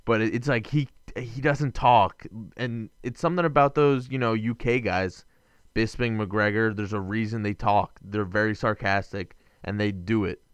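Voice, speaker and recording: A young male podcast co-host talking fights with rambling enthusiasm, often stopping to correct himself. His voice is rich and smooth, slightly lower than most. The sound is dry, with almost no room in it. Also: fairly even intonation, moderate pace, no echo. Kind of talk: casual sports chat.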